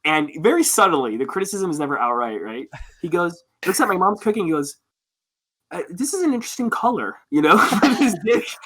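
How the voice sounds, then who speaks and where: Animated young woman telling stories. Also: lowish voice, fairly quick, rough recording. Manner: animated storyteller who acts out quoted voices and swears freely. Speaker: podcast guest. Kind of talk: casual chat, storytelling.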